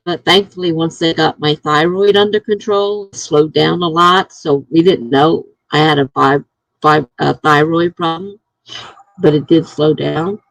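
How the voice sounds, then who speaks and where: Middle-aged woman chatting on her live stream, slow unhurried talk, dry close sound, tells stories and plays out what folks said. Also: sits low, fairly even intonation, vocal fry, dry recording, poor audio. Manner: storytelling, acting out what others said. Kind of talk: casual chat.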